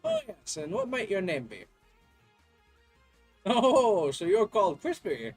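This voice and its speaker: A man doing a fussy, genteel professor with a prim, posh put-on accent. His voice jumps up high and swoops around as he fusses politely, over soft game music. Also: huge pitch swings, slow pace, husky, full character voice. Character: fussy, genteel old-fashioned male professor.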